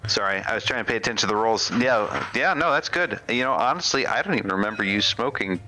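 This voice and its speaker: A man's voice: on the low side, animated, fast talker, bright, forceful tone, soft background music, poor audio. A man co-hosting a live game stream, trading easygoing, self-deprecating banter. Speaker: stream co-host and commentator. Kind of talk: casual live-stream commentary.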